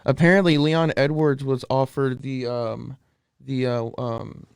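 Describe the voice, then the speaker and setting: A man's voice: medium pitch, little pitch movement, measured pace, vocal fry, clear, resonant tone, no room sound, studio quality. A man co-hosting a sports podcast, chatting casually and rambling through stats with many restarts. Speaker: podcast co-host. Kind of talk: casual chat.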